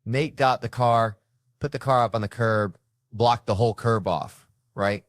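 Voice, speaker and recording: A man working a stand-up stage, voice sitting a little low and recorded dry and close. He tells his stories with lots of animation and often jumps into loud shouted impressions. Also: unhurried, no echo. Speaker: comedian. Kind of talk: stand-up storytelling. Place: stage before a live audience.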